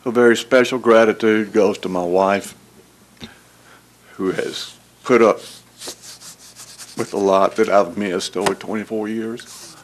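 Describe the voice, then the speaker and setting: Older man, low voice, slow and halting, emotional farewell speech at a council meeting. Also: steady tone, slight background noise. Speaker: retiring alderman. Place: city council chamber.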